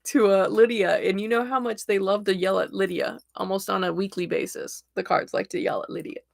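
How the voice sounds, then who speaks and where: Chatty woman with a gravelly creak. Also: medium pitch, a little fast, dry recording, studio quality. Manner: chatty, laughs often, excitable outbursts. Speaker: tarot reader and livestream host. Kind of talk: casual livestream tarot reading.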